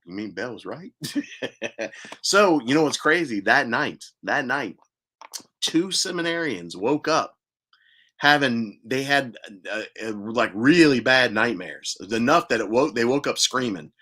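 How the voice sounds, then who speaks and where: Older man rambling through a bright story. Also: medium pitch, animated, moderate pace. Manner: chatty, laughs at his own stories. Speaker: podcast host.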